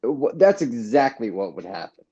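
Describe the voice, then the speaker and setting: A man co-hosting a podcast, talking slowly and casually, often agreeing and laughing along. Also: mid-range voice, big pitch swings, dark tone, husky. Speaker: podcast co-host. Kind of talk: casual film discussion. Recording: dull lo-fi mic.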